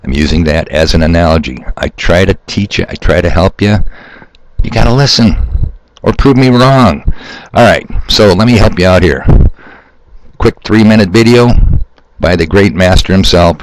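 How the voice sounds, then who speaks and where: A man's voice: low voice, normal speed, poor audio. A man hosting his own video, talking off the cuff to his viewers in a rambling, sarcastic, preachy way. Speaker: video host. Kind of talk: improvised monologue to viewers.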